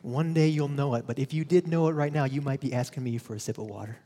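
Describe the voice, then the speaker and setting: A man's voice: mid-range voice, fast, dark tone, long reverb tail. A male pastor preaching a conversational sermon, telling stories and laughing at himself.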